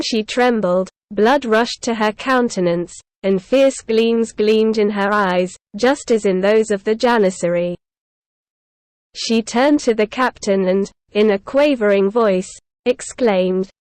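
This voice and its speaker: Woman narrator, measured storybook reading, smooth clear voice, dry close sound. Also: mid-range voice, no room sound. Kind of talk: scripted narration of a novel for English learners.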